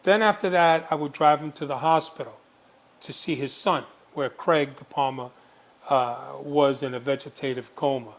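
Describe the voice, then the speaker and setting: A man telling stories as a guest in an interview, animated and full of fillers. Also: on the high side, normal speed. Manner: animated anecdotes, frequent fillers. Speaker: guest, former undercover agent. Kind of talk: storytelling interview.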